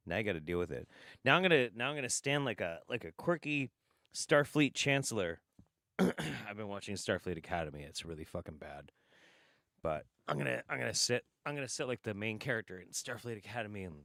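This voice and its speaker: A man's voice: fairly low pitch, sing-song, fairly quick, creaky, fairly bright tone, no echo, studio quality. A man streaming casual commentary on clips, sarcastic and profane, often laughing.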